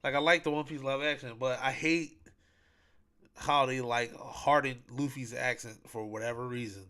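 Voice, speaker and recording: A man's voice: medium pitch, steady tone, normal speed, bright, forceful tone. A man hosting a podcast, chatting casually in a rambling, repetitive way with lots of slang and fillers. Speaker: podcast host. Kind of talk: casual solo podcast chat.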